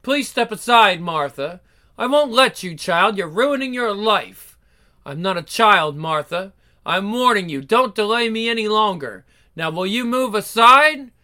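A man's voice: sits high, expressive, a little slow, sharp tone, exaggerated voice. A man voicing a headstrong young woman who tells her own story with melodramatic flair. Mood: defiant.

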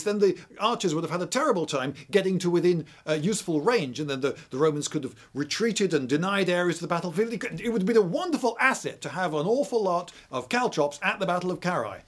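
A man giving a chatty, digressive video lecture with dry humour and frequent pauses. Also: sits high. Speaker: history video host.

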